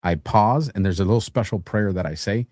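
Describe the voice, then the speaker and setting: A man hosting a long-form interview podcast who talks in a relaxed, earnest, casual way. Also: lowish voice, fairly quick, dry recording, clean studio sound. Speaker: podcast host.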